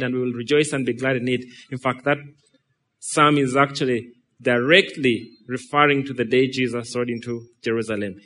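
A man preaching a sermon, animated and dramatic, acting out quoted speech and shifting from loud rhetorical questions to hushed, slowed lines. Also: mid-range voice. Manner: acts out quotes and imagined dialogue in the middle of preaching.

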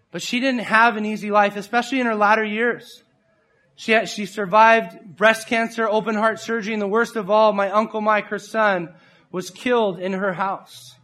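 A middle-aged man preaching from the pulpit, his voice unusually high and bright with a sharp edge. He talks in an animated, playful way, jumping into other people's voices and laughs as he tells his stories. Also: normal speed. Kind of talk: sermon.

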